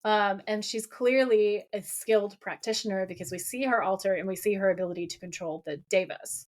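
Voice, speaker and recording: A woman co-hosting a podcast, recapping an episode in casual, animated chat, swearing and acting out quotes. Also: medium pitch, fairly quick. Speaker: podcast co-host.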